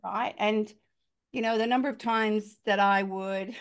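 A middle-aged woman with an Australian accent, speaking as a parenting author on a podcast and telling animated stories with voiced dialogue. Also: medium pitch, a little slow, clear, resonant tone. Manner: animated storyteller, acts out quoted dialogue. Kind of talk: conversational podcast storytelling.

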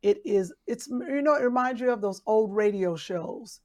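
A woman actress chatting as a podcast guest, talking with quick restarts and laughs. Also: fairly high pitch, animated, a little mellow. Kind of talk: casual chat.

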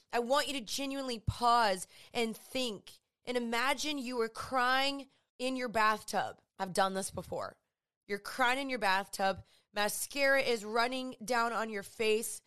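A woman's voice: fairly high pitch, a bit bright, clean tone. A woman hosting a podcast, talking earnestly and conversationally about faith, often repeating phrases for emphasis. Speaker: podcast host. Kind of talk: casual faith talk.

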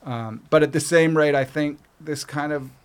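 A middle-aged man from Canada, guesting on a podcast, speaks smoothly at a moderate pace in a voice that's a little high. He tells casual stories, swears freely, and acts out others' words.

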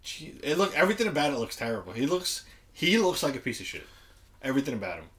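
Young man with a lively, sarcastic delivery. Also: mid-range voice, fast talker. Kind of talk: casual chat.

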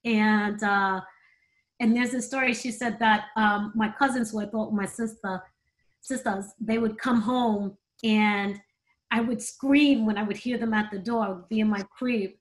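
A woman's voice: mid-range voice, steady tone. Earnest woman telling her story. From United States. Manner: emotional, earnest, quick to laugh. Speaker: guest. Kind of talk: candid interview storytelling.

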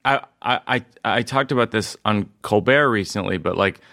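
A man's voice: fairly low pitch, pushed and bright, no echo, studio quality. A comedian guest telling stories in casual conversation, rambling and correcting himself as he goes. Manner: rambling, halting, self-correcting storyteller.

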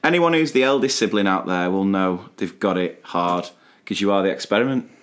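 A man in his forties co-hosts a podcast in relaxed, casual chat. His pitch moves up and down a lot as he reminisces. He laughs often between his points. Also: fairly quick. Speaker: podcast co-host.

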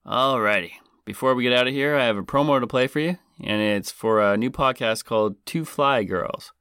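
Brief: male podcast host, smooth and low, deadpan jokes, dry close mic. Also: moderate pace, no room sound. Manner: joking, dry. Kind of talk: casual podcast talk.

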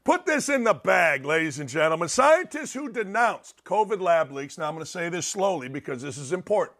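A man's voice: high-pitched, big pitch swings, brisk, a bit bright. A middle-aged man hosting a talk show, delivering a brash, sarcastic, rambling opinion monologue.

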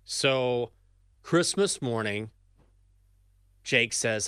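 A middle-aged man in relaxed podcast banter, his voice bright and forward in a dry, close room. He talks in loose, rambling runs, stopping and restarting his thoughts with a lively push. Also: mid-range voice, moderate pace, no room sound. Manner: rambling, self-correcting, animated. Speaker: sports betting podcast co-host. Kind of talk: casual chat.

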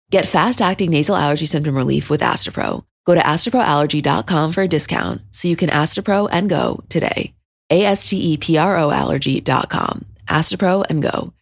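A woman's voice: deep voice, creaky, dry recording, studio quality. A woman hosting a podcast, reading a sponsor ad in a chatty, personal way that turns scripted. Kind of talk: sponsor read.

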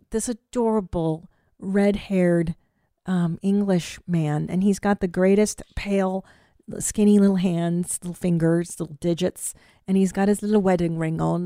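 A woman in her forties hosting a podcast, chatting casually and telling stories in a profane, self-mocking, animated way. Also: medium pitch, dry recording, studio quality. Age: 40s. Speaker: podcast host. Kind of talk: casual solo chat.

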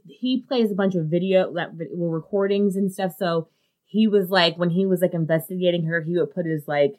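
A woman's voice: on the low side, brisk, a little mellow. A woman co-hosting a podcast, telling a story in loose casual chat, full of "like" fillers and swearing. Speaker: podcast co-host.

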